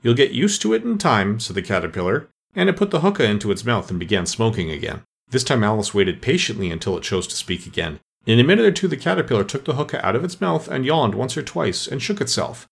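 A man narrating a children's storybook with expressive delivery. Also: fairly low pitch, quick pace, vocal fry, few pauses, husky. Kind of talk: storybook reading.

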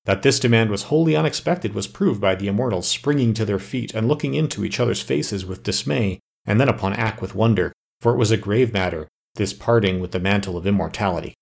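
A man narrating a fairy tale as an audiobook, in a steady, measured way. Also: on the low side, vocal fry.

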